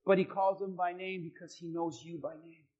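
A male pastor preaching a sermon, swinging from quiet scripture reading to shouted, fervent preaching. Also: high-pitched, little pitch movement, moderate pace, lo-fi sound.

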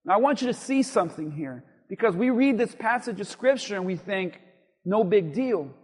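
A male pastor with a strikingly high voice preaches animatedly and a little fast, hammering repeated lines in an emphatic cadence that rises toward near-shouts. The long reverb of a big sanctuary rings around him.

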